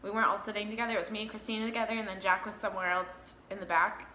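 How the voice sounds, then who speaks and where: A young woman vlogger telling a story to camera in a casual, animated way, acting out her own reactions and swearing freely. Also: medium pitch, racing, reverberant, a little hiss or hum.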